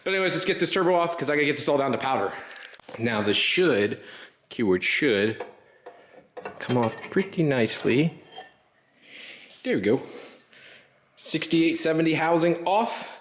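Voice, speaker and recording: A man's voice: fairly high pitch, lively intonation, normal speed, pauses often, slight background noise. A man hosting a casual garage vlog, rambling and frustrated as he works on his car. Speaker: car builder and channel host. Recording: roomy garage echo.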